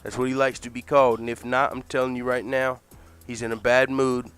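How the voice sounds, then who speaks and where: A man's voice: medium pitch, little pitch movement, brisk, a bit bright, clean tone, faint music behind, lightly acted. A man voicing a bodyguard who gives a blunt, matter-of-fact warning.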